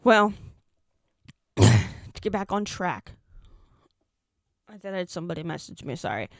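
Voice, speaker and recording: A woman's voice: on the low side, sing-song, unhurried, gravelly, no echo, clean studio sound. A young woman vlogger telling a personal story in casual chat, rambling, repeating words and restarting her sentences, into a desk mic. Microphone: desk microphone.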